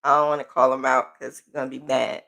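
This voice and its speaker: Gravelly-voiced encouraging woman mentor. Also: very deep voice, flat delivery, fast, sharp tone. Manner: earnest, encouraging, repeats phrases for emphasis. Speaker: sewing business mentor. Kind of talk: casual motivational talk to camera.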